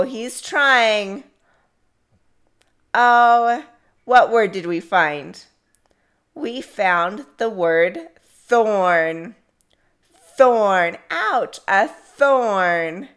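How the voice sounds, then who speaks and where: Young woman speech therapist, slow and deliberate, smooth voice, repeats each practice word for toddlers. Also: medium pitch, fairly bright tone. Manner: slow, drawn-out words for children to repeat.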